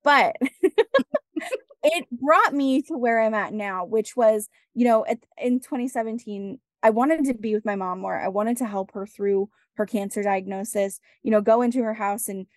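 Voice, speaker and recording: A woman guest on a podcast interview, telling her story in a casual, animated way and acting out bits of dialogue. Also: a little high, a little slow, no room sound, studio quality. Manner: animated, acts out dialogue, laughs often. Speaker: podcast guest, business strategist.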